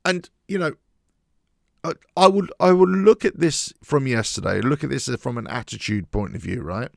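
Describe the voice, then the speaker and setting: A man's voice: mid-range voice, moderate pace, creaky, no echo, clean studio sound. A man hosting his own football channel, giving an emphatic, frustrated solo commentary. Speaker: football fan channel host.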